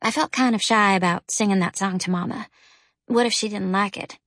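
A woman narrating a children's novel as an audiobook, with a gentle storytelling manner. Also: brisk, dry recording. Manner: gentle storytelling, lifts pitch for characters' lines. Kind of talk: scripted narration.

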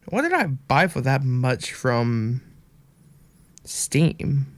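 A man's voice: medium pitch, sing-song, extremely slow, no room sound. A man hosting a casual show, rambling with lots of fillers and unsure asides. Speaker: host.

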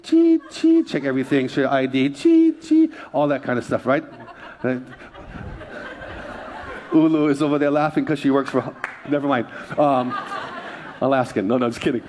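A male pastor delivers a sermon in a church, his voice sitting a little higher than most men's. He talks in a loose, conversational way, joking with the congregation between his points. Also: a little mellow, slight background noise.

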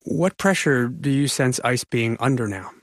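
A man's voice: mid-range voice, animated, moderate pace, dry recording, clean studio sound. A man anchoring a news interview, conversational, with some stammered restarts.

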